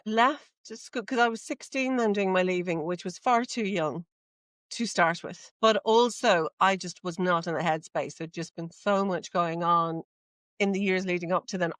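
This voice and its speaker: A woman's voice: fairly low pitch, dry recording. A middle-aged Irish woman, a podcast guest, telling a story in casual chat and acting out the dialogue. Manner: animated storyteller, acts out quoted dialogue.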